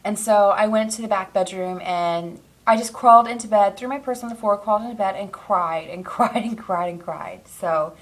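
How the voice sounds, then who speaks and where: A woman's voice: mid-range voice, normal speed, hardly any pauses. A young adult woman talking casually to her camera in a personal vlog, rambling and emotional, with many fillers, restarts and small laughs. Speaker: vlogger.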